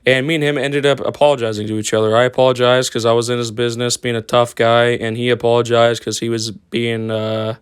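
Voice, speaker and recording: A young man tells a story from his school days in a loose, rambling way, full of fillers, restarts and swearing. His voice is smooth and resonant at an ordinary pitch, and the recording is dry and close. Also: level tone, fairly quick, few pauses, no room sound. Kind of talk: casual story time.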